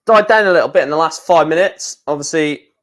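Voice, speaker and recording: Brief: slightly high-voiced man, YouTube reaction host, live football commentary, chatty with fillers and sudden shouts. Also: fast. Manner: running play-by-play with fillers, bursts into shouting at chances and goals.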